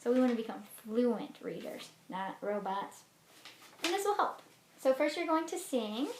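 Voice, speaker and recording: A woman teacher reading a children's book aloud in an expressive way, then explaining class activities. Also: a little high, normal speed. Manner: expressive storybook reading with lively swings. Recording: roomy echo with faint noise.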